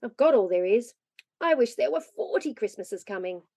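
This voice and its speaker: A woman voicing an excitable little boy who pleads and shouts eagerly. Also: fairly high pitch, moderate pace, vocal fry.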